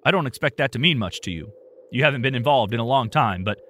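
A man voicing an agitated, erratic older uncle who speaks loudly and urgently. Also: medium pitch, expressive, fast talker. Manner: loud, urgent, trailing into whispers.

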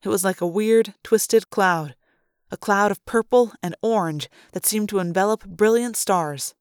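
A woman reading a science fiction novel aloud in steady, clear narration. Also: lowish voice, a little slow, no echo, studio quality. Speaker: audiobook reader.

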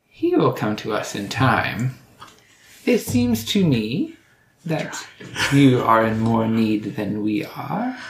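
A man voicing a cryptic, bargaining old female hag at a tabletop game, speaking slowly and with a teasing edge. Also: lowish voice, very animated, a little hiss or hum, exaggerated voice. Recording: echoey room.

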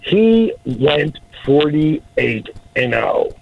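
Husky middle-aged man telling a story. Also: fairly high pitch, very slow. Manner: animated storyteller acting out dialogue. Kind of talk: casual anecdote. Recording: dull lo-fi audio.

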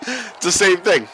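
A man's voice: a little high, bright, forceful tone. A man co-hosting a podcast, chatting casually and crudely with lots of swearing while watching wrestling. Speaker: podcast co-host. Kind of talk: casual watch-along chat. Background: wrestling broadcast playing.

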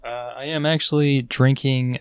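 This man co-hosts a casual podcast, rambling along and laughing easily. He has a steady, mid-range voice with a clear, resonant tone and talks at a normal speed. The recording is dry and clean, studio quality.

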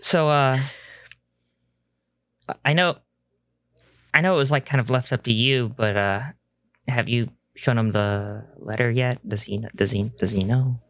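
A game master voicing Valerie, a hesitant young adventurer woman who talks in halting starts full of fillers and restarts. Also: medium pitch, fairly bright tone, dry recording, pitched below the performer's own voice. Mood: troubled. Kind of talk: tabletop role-play in character.

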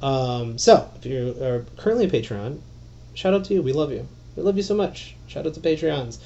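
A man hosting a solo fantasy basketball podcast, rambling and excitable, with lots of fillers and some swearing. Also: mid-range voice, moderate pace, gravelly, muffled recording.

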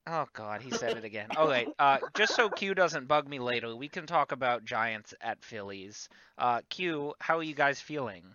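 Bright-voiced joking male host. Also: mid-range voice, lively intonation, moderate pace, hardly any pauses, no room sound, dull audio. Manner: joking, teasing, swears freely. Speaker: podcast host. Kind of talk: casual chat.

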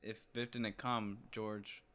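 A man's voice: on the low side, level tone, takes it slowly, fairly bright tone. A man co-hosting a podcast, adding short reactions and comments during a casual movie chat. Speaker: podcast co-host.

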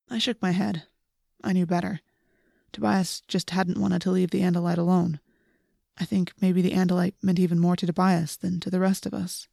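A woman's voice: lowish voice, level tone, moderate pace, vocal fry, dark tone, no echo. Woman narrating a story, dry sound. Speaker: audiobook narrator. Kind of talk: scripted narration.

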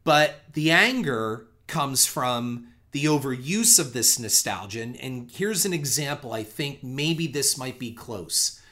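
Middle-aged guy rambling earnestly about movies, kinda repeats himself, swears a bit, normal pitched voice. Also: lively intonation, measured pace, few pauses, sharp tone. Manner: earnest, conversational, repeats words when restarting; casual swearing. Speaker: film commentator. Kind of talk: reflective film commentary monologue.

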